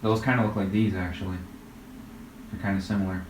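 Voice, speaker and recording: A man's voice: fairly low pitch, flat delivery, brisk. A man joining a game playthrough as co-commentator, tossing in dry, sarcastic quips between casual remarks. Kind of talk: casual chat over gameplay. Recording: distant mic in an echoey noisy room.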